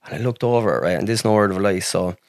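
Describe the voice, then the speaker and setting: A man's voice: fairly low pitch, rapid-fire, no room sound, studio quality. An Irish man from Ireland, a podcast guest telling a story in a rambling way, with heavy swearing and lots of "like". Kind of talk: casual storytelling.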